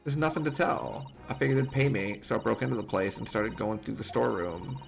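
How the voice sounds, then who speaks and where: A man's voice: mid-range voice, fairly quick, creaky, soft background music, voice pushed down, close to an everyday voice. A man voicing a distrustful young girl thief with a put-on Cockney accent, defiant and slangy. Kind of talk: reading game dialogue aloud.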